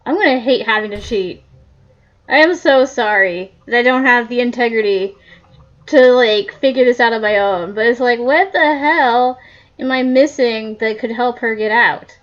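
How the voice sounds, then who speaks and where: A woman's voice: on the high side, moderate pace. A woman commentating her own game playthrough, muttering to herself in frustration as she gets stuck. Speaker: gamer. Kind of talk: let's play commentary. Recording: dull lo-fi audio.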